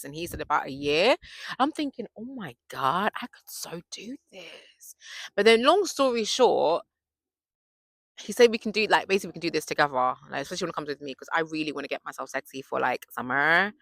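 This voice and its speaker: A young woman tells stories to her viewers in a gushing, excitable way. Her voice is bright and swoops up and down. The sound is close and dry. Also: on the low side, dry recording. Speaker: faith vlogger. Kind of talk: casual chat to camera.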